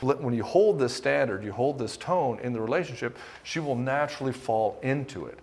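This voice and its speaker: A man's voice: medium pitch, lively intonation, a little fast, a little mellow. A man coaching husbands on relationships, talking bluntly and casually, swearing freely and hammering points in short bursts. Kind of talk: direct-to-camera coaching talk.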